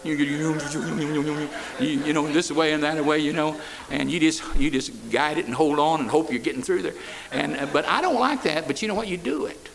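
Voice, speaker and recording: A man preaches in a folksy, repetitive way. His voice sits high for a man and leaps all over the place, with a gravelly edge. He keeps calling out "amen" as he stumbles through restarts. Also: lively intonation, a little fast, fairly bright tone, rough recording. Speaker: pastor. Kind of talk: sermon. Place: church.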